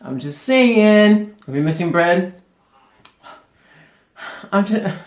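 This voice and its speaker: A man's voice: high-pitched, animated, slow pace. A man hosting a casual cooking vlog in a kitchen, chatty and rambling, laughing as he tastes. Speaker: cooking show host. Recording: echoey room.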